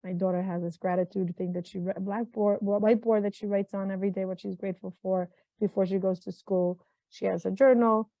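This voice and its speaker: A woman's voice: mid-range voice, no room sound. A middle-aged woman speaking as a guest in an interview, talking in an earnest, heartfelt way and often repeating and restarting her phrases. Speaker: guest, mental health consultant. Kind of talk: reflective interview conversation. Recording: dull, dry sound.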